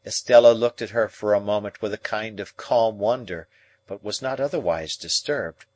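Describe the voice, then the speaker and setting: A man reading a classic novel aloud as audiobook narrator in a measured, expressive way. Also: on the low side, dry recording.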